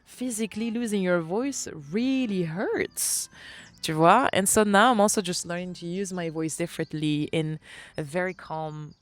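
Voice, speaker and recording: Solo podcast host, young woman with a French accent, lowish voice, expressive and sweary, mixes in French. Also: moderate pace. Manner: animated, swears often, slips into French phrases. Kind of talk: reflective solo podcast monologue.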